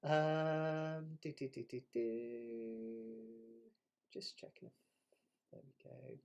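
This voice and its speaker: Man, West Country accent, ukulele teacher hosting a live stream, chatty, self-deprecating, warm mellow voice. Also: mid-range voice, drawn-out words. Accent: West Country English. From West Country of England. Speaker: ukulele teacher and jam host. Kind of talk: casual live-stream chat.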